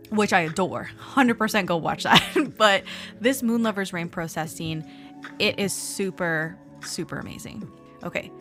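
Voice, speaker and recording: A woman's voice: on the low side, fairly bright tone. A woman hosting a solo podcast countdown, chatting casually and enthusiastically, laughing often as she gushes. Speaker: podcast host.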